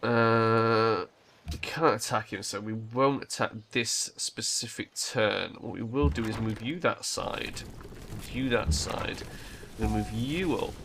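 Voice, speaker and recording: A man's voice: medium pitch, slow, creaky, noisy background. A man hosting a strategy game let's play, casually thinking aloud and swearing now and then. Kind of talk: gameplay commentary.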